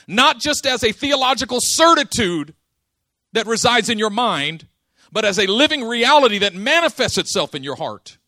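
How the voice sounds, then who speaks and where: A man's voice: high-pitched, bright, forceful tone, no room sound. A man preaching a sermon, stressing key words with emphatic rises.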